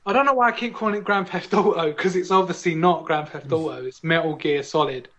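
A man's voice: on the high side, brisk, a bit bright, muffled recording. A man co-hosting a podcast, rambling and joking in casual chat. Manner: rambling, digressive and jokey. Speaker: podcast co-host.

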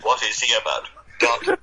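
A man's voice: medium pitch, huge pitch swings, unhurried, background noise. A man voicing a pompous, bitter younger brother of a famous scientist who acts as guest host, boastful and petty, with mock glitches in his speech. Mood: huffy. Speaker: guest host of a podcast game. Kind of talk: comedy sketch role-play.

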